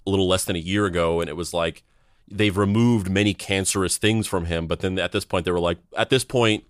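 A fairly low-pitched man in his thirties talks through a casual podcast chat. He rambles, restarting sentences and repeating words as he goes. The sound is dry and close, with no room echo. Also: fairly even intonation, fairly quick. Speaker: podcast host.

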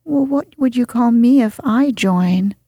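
A woman's voice: on the high side, measured pace, mellow, breathy edge, no room sound, studio quality. A woman voicing an eager, impressionable young boy in a storybook reading.

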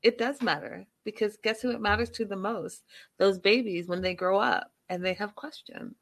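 A woman's voice: medium pitch, moderate pace. A woman giving casual, passionate commentary on a reality show, full of emphatic rhetorical questions.

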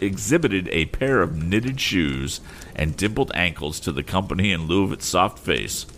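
A man narrating a classic novel as an audiobook reader, measured and expressive. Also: low-pitched, slight background noise.

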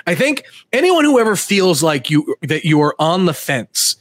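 A man's voice: a little high, very animated, moderate pace, no echo. A man co-hosting a casual chat, rambling with many fillers and restarts. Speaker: co-host.

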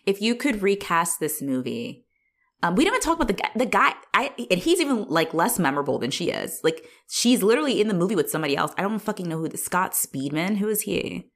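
A woman co-hosting a podcast, chatting casually about a movie in an expressive, jokey way, with swearing. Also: mid-range voice, fast. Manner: expressive, jokey, swearing, with shouted quoted asides. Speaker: podcast co-host reviewing a movie. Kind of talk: casual chat.

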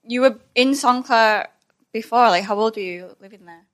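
A woman's voice: fairly high pitch, moderate pace. A young woman in a casual chat, curious and asking follow-up questions.

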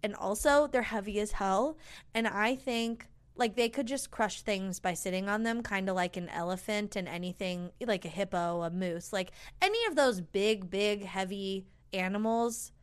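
A young woman in casual chat, animated and swearing, full of "like". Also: mid-range voice, moderate pace, smooth.

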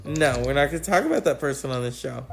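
A man's voice: mid-range voice, expressive, fast, gravelly, soft background music. A man hosting a comedy show, teasing his co-host in brash, profane banter.

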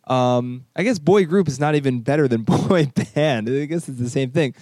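A young man hosting a casual music podcast, chatty and halting with lots of fillers and restarts. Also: medium pitch, a little mellow, no echo, studio quality. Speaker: podcast host. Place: New York studio.

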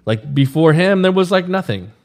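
A man's voice: on the high side, animated, moderate pace. A young man co-hosting a podcast, talking loosely and profanely in casual chat. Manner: loose, profane, says "dude" a lot. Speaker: podcast co-host.

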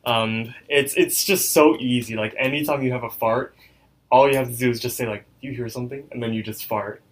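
A man's voice: medium pitch, steady tone, brisk. A man co-hosting a podcast, loosely retelling the plot with plenty of ums and likes. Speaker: podcast co-host. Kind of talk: casual episode recap.

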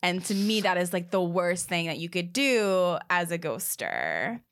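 A young woman hosting a casual podcast, chatty and quick, with plenty of filler words. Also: on the low side, big pitch swings, a bit bright, dry recording, clean studio sound. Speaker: podcast host.

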